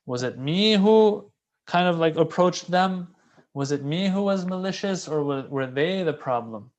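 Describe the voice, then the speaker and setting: A man giving a casual, conversational religious lecture, animated and repeating key phrases for emphasis. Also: high-pitched, measured pace, muffled recording. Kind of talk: casual sermon explaining a classical text.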